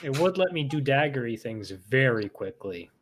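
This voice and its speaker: A man's voice: medium pitch, big pitch swings, moderate pace, a crowd in the background. A man playing a tabletop game, chatting casually in a cheery, wry way about his character's moves. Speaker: player.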